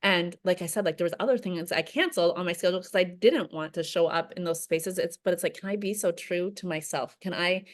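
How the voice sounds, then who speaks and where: A woman's voice: lowish voice, brisk, hardly any pauses. A woman coach speaking earnestly and reflectively on a video call, with lots of "like" as filler. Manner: earnest, reflective, heavy use of "like".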